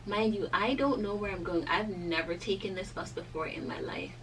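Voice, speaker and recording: This is a young woman, chatting through a personal story with lively energy and plenty of "like" fillers. Her voice sits at a middle pitch. She is a bit distant from the mic, with a faint hum behind her. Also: moderate pace. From Cayman Islands. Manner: animated, chatty, lots of "like" fillers. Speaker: vlogger. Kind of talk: casual storytime.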